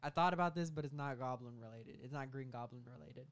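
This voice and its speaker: A young man co-hosting a casual comedy podcast, telling a made-up film plot with lots of fillers and quick bursts of silly voices. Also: medium pitch, clean tone. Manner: rambling storytelling with many fillers and quick bursts of put-on voices. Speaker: podcast co-host pitching a film idea.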